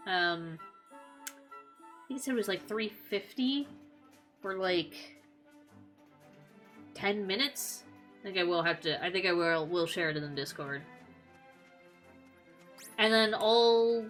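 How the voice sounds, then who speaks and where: A woman's voice: mid-range voice, fairly bright tone. A woman streamer chatting casually while gaming, rambling with many likes and ums. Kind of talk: casual gameplay chat.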